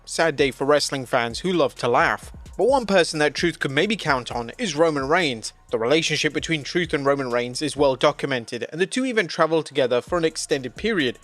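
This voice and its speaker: A man with a somewhat high voice reads scripted news narration. His delivery is steady and even, with a plain reporting tone. It sounds like a prepared script read straight through. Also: brisk, hardly any pauses.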